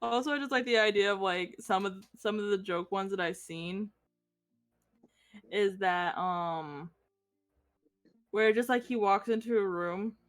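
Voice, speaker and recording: A young woman hosting a casual drawing stream, giggly and expressive, swearing casually. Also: mid-range voice, measured pace, pauses often, soft background music. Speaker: streamer host. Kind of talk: casual chat while drawing.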